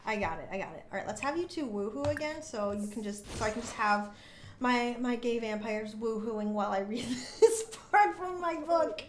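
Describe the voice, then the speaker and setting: A woman's voice: on the high side, expressive, normal speed. A woman streamer chatting in a casual, bubbly, self-deprecating way about her writing while she plays. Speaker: streamer and author. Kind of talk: casual live-stream chat and reading aloud. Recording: echoey room.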